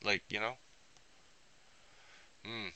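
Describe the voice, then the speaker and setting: Man, low pitch but bright and forceful tone, restless profane monologue, keeps breaking off mid-thought. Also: level tone, extremely slow, clean tone, no room sound. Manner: profane, restless, thinking aloud; self-interrupting, trails off mid-sentence. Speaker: vlogger. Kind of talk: rambling monologue.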